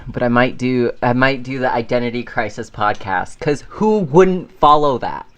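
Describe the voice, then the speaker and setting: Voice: medium pitch, moderate pace. A podcast host chatting casually on their own, rambling and laughing often. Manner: frequent fillers and restarts. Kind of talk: casual solo chat.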